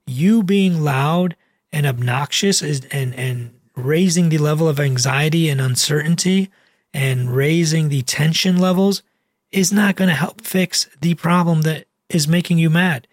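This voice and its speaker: Male doctor, casual vlog, husky and pitched a bit high, keeps it slangy and emphatic. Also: measured pace, no echo, clean studio sound. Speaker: physician.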